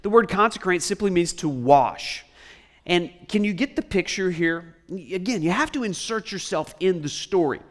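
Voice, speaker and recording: A male pastor preaching a sermon, swinging from loud emphatic lines to soft quiet ones and dropping in joking asides. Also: high-pitched, animated, normal speed.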